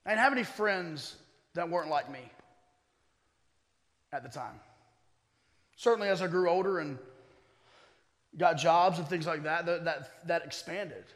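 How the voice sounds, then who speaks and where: A male pastor preaching a sermon, conversational at times and building to forceful emphasis. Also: a little high, measured pace, pauses often, long reverb tail. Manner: conversational asides with humor.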